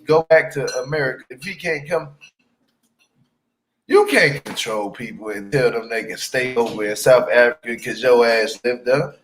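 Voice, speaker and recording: A man's voice: a little high, fairly bright tone, slight background noise, poor audio. A man giving casual reaction commentary on a reality show, blunt, profane and exasperated.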